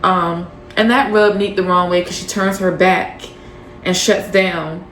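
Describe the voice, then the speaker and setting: Brief: woman with a lowish voice, offhand gossipy recap, echoey room, faint music underneath. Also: steady tone, a little slow, a bit bright, a little hiss or hum. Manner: gossipy, profane, offhand with many fillers. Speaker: reality TV recap host. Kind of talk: casual episode recap.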